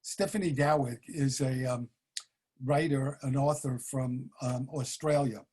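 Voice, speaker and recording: Slow, husky-voiced male preacher. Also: mid-range voice, fairly even intonation. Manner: slow, warm storytelling with pauses and fillers. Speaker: senior minister. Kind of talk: sermon.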